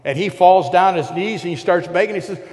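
A man's voice: high-pitched, fast, a little mellow. A man preaching a sermon to a congregation, retelling a parable and putting rhetorical questions to his listeners. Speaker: pastor. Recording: long hall reverb.

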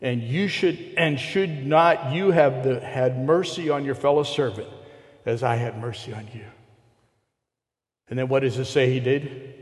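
A man's voice: mid-range voice, a little slow. Man preaching in a reverberant hall. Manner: conversational preaching with rhetorical questions. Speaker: pastor. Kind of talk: sermon.

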